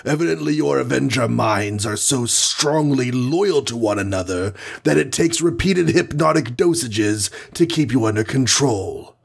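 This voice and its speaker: A man voicing a cruel, mocking alien villain in a storybook reading, with a husky voice. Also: mid-range voice, animated, measured pace, few pauses, full character voice. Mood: commanding. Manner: commanding, mocking. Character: sinister alien male villain, gloating and cruel.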